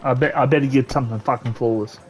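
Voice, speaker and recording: A man swearing loudly and joking while he plays a video game. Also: mid-range voice, fairly even intonation, quick pace. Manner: swears a lot, shouts in frustration. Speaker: gamer playing a video game. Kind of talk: let's play commentary.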